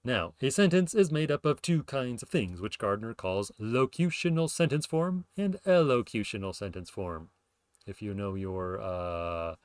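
A man's voice: medium pitch, no room sound, clean studio sound. A man hosting his own podcast, explaining ideas in a casual lecture, thinking aloud with fillers and self-corrections. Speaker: podcast host explaining linguistics.

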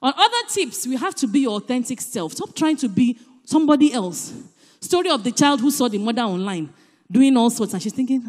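A woman with a Nigerian accent giving an animated, emphatic church talk, swinging between loud and soft. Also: fairly high pitch, brisk. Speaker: church speaker. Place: church hall. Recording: echoey church hall.

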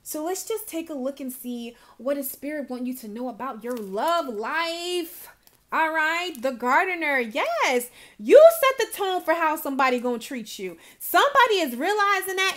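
A woman's voice: high-pitched, animated, moderate pace, a bit bright. A woman reading tarot cards at home, talking straight to her viewers in an emphatic, motivational way and calling them honey and baby. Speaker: tarot card reader.

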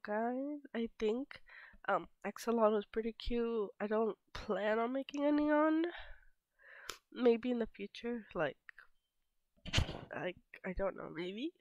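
A woman in her twenties with a sick, stuffy voice, chatting softly over gameplay and trailing into whispers. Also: a little high, no room sound. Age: 20s. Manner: soft-spoken, drifting into whispers. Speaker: gaming YouTuber. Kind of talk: casual gameplay commentary. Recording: slightly dull lo-fi mic.

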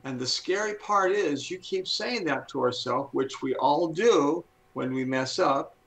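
A man in his seventies, a guest speaker on a talk show, explaining in an earnest, teacherly way and slowing down to stress his points. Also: fairly high pitch, vocal fry, fairly bright tone, low-quality recording. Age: 70s.

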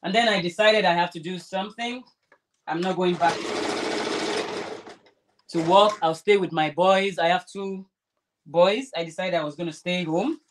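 A woman vlogger chatting casually while sewing, rambling and restarting her sentences. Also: on the low side. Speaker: crafter vlogger.

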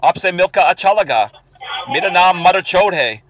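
Deadpan man firing cheesy pick-up lines. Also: high voice, normal speed, no room sound, dull audio. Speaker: prank caller. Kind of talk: prank phone calls.

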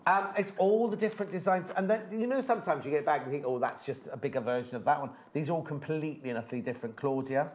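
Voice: medium pitch, fast talker, hardly any pauses, a little mellow, a little hiss or hum. A presenter hosting a sewing show in a TV studio, chatty, rambling and full of jokey asides. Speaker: TV shopping presenter.

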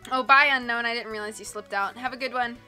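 A woman's voice: fairly high pitch, fairly even intonation, quick pace, pushed and bright. A woman reading a storybook aloud on a live stream and chatting casually with viewers. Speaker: audiobook reader and live streamer. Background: faint background music.

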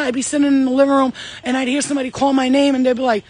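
A woman's voice: high-pitched, steady tone, very fast, few pauses, darkish tone. A woman speaking as a spiritual medium in a casual channeling vlog, rambling, emphatic and swearing freely.

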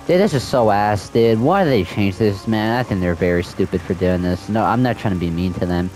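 A man's voice: lowish voice, a little fast, a little mellow, soft background music, poor audio. A young man in a casual gaming vlog, ranting with frustration and repeating himself. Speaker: gaming video creator.

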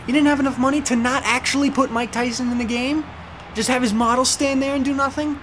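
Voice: sits high, slight background noise. A let's play commentator in an angry, profane rant, firing exasperated rhetorical questions at the game's makers.

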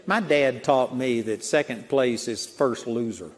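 A man's voice: medium pitch, measured pace, noisy background. A man preaching a sermon in a folksy storytelling way, chuckling at his own anecdotes. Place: large auditorium. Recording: long auditorium reverb.

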